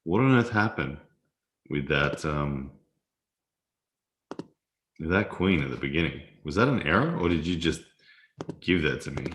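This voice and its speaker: Casual live-stream host, male, extremely low voice, loose and laughing, roomy echo on the mic. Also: expressive, unhurried, long pauses, fairly bright tone, slight background noise. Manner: chatty, laughs often, reads viewer comments aloud. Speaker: livestream host. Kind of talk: casual live-stream chat while playing chess.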